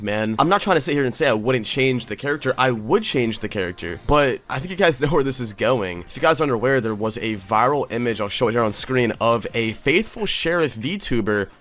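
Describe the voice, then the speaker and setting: A man's voice: medium pitch, lively intonation, brisk, few pauses, fairly bright tone. A man ranting through casual online commentary, swearing often and mocking his subject with sarcasm. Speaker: commentary YouTuber.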